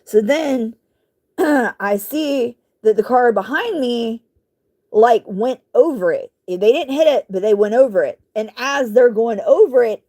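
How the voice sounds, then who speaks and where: A woman vlogger telling a story in casual speech. She rambles with lots of fillers and asides and keeps clearing her throat. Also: fairly high pitch. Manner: rambling, animated retelling with many fillers and asides.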